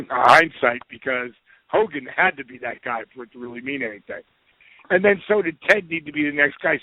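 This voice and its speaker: A middle-aged man telling a story in a casual, profane, animated way, acting out the quotes. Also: on the high side, no room sound. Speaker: podcast guest. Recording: tinny phone-like line, dry.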